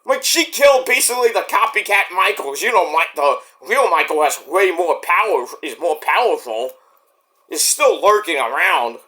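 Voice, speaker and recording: New dude rambling on his podcast, swears a lot, kinda high bright voice. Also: expressive, moderate pace. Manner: rambling and profane, trailing off. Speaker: podcast host. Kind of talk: casual solo commentary.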